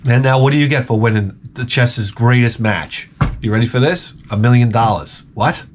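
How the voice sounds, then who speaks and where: A man's voice: mid-range voice, moderate pace, a little hiss or hum. A man telling a rambling, profane comic story in a casual rant as a gaming video host. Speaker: retro gaming YouTuber.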